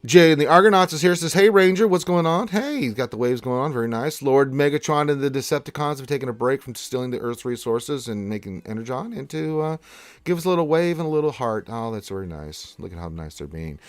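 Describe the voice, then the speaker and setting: A man's voice: mid-range voice, animated, fairly quick, no room sound. A man hosting a casual gaming livestream, greeting viewers and reading chat aloud with lots of fillers. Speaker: livestream host.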